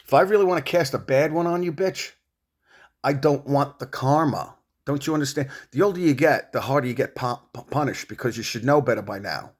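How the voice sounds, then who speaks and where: A man's voice: medium pitch, normal speed, slightly rough. A middle-aged man rambling at home, swearing and confronting an absent rival in a long monologue. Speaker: vlogger.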